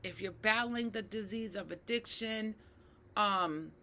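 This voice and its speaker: Slow, earnest woman with a bright voice. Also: medium pitch. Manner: earnest, often asks "right?"; addresses viewers as "you guys". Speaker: mental health advocate. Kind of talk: personal talk to camera.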